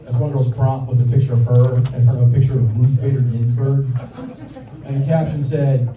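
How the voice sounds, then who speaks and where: A man's voice: medium pitch, little pitch movement, normal speed, recorded from a distance. A young man doing a stand-up comedy set on a club stage, awkward and self-deprecating, with a slight Southern American accent. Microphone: handheld stage mic. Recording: roomy club recording from the audience, dull sound. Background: audience laughter.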